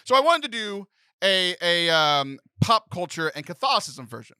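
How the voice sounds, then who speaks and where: A man in his thirties hosting a comedic podcast, jokey and animated, often laughing as he talks. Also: high voice, normal speed, clear, resonant tone, no room sound. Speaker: podcast host. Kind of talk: casual comedic podcast chat.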